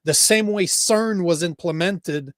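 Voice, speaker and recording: A man's voice: high-pitched, unhurried, a bit bright, no room sound, studio quality. A man with a French accent hosting a casual political podcast, heated and full of restarts. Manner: heated, swears, many restarts. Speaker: podcast host.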